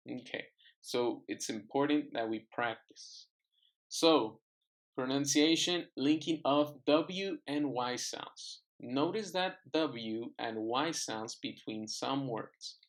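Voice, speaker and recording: A man teaching an English class, patiently repeating words and phrases for his students to echo. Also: medium pitch. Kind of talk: online classroom lesson.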